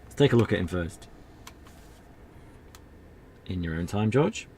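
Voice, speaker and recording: A man's voice: low voice, expressive, unhurried, gravelly, darkish tone, slight background noise. A man streaming an old adventure game, chatting casually in a rambling, self-deprecating way. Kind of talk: casual gameplay commentary.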